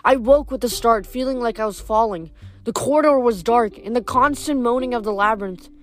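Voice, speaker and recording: A woman's voice: a little high, fairly quick. Woman reading a novel aloud, stumbling. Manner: frequent stumbles and restarts. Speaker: reader.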